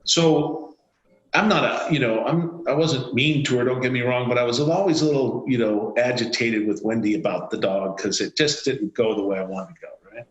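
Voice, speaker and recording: A man's voice: mid-range voice, moderate pace, reverberant, muffled recording. A man, a company CEO, telling a story in an interview and acting out the quoted dialogue. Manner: animated, acts out quoted dialogue. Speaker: CEO guest. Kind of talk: anecdotal storytelling.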